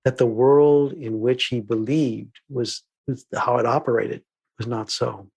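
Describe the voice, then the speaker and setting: A man's voice: mid-range voice, steady tone, a little slow, gravelly, breathy edge. A man, a diversity trainer, telling stories thoughtfully in an interview and acting out exchanges from his workshops. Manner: thoughtful, acts out dialogue, shifts between soft and emphatic. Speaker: diversity trainer and filmmaker, guest. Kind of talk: reflective storytelling interview.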